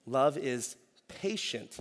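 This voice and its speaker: A middle-aged man, preaching a conversational sermon as pastor and telling stories in animated slang. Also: medium pitch, slow pace, long reverb tail. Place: church stage.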